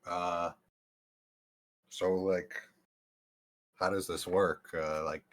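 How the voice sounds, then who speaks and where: A man's voice: low-pitched, level tone, extremely slow. A man playing a tabletop game, laid-back and a little hesitant as he speaks for his character. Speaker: player. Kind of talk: casual tabletop role-play.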